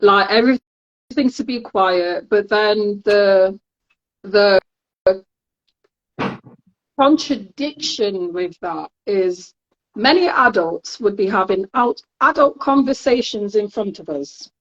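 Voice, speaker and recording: A woman's voice: medium pitch, expressive, takes it slowly, lo-fi sound. A woman from Nottingham with a Nottingham accent, telling stories in a casual chat, laughing often. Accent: Nottingham English. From Nottingham, England. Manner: chatty storyteller, laughs often. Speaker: podcast co-host.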